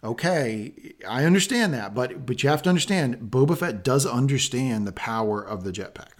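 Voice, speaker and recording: A man hosting a casual podcast recap, talking in an excitable, animated and profane way. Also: medium pitch, normal speed. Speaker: podcast host. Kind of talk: casual chat, show recap.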